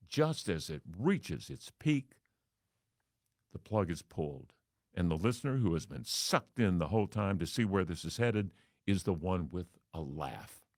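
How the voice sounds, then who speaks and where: Wry baritone man telling a story. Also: no echo, clean studio sound. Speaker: radio and TV host. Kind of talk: storytelling monologue.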